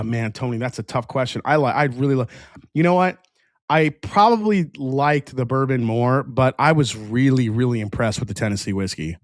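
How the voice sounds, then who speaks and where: An easygoing man hosts a casual whiskey review livestream in a medium-pitched voice with no echo and a dry sound. He rambles, restarts often and reads the chat aloud.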